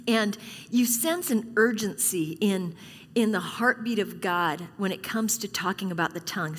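A woman's voice: mid-range voice, fairly bright tone. A middle-aged woman pastor giving a sermon in a candid, conversational way, restarting sentences often. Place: church sanctuary. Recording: long reverb of a church hall.

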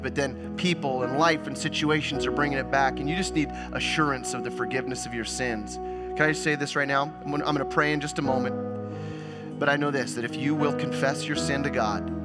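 A man preaching a sermon as pastor, swinging between loud exclamations and soft, hushed lines. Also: medium pitch. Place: church sanctuary.

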